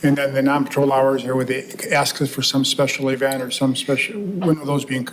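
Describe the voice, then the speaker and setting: A township treasurer at a board meeting who asks precise questions and checks the facts. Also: male voice, mid-range voice, steady tone, a little fast, crowd noise.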